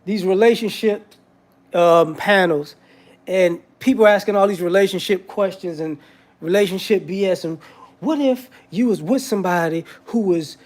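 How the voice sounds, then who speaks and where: A man's voice: high voice, normal speed. A man giving a casual, rambling commentary monologue with frequent restarts and repetitions.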